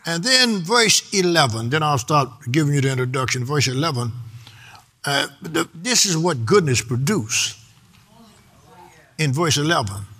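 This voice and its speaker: A male preacher with a bright, ringing tone delivers his sermon at an unhurried pace. His voice rises and falls widely as he half-sings scripture and draws out his emphasis. He calls out to the congregation for their responses. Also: a little high, big pitch swings. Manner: rhythmic, half-sung preaching with drawn-out emphasis.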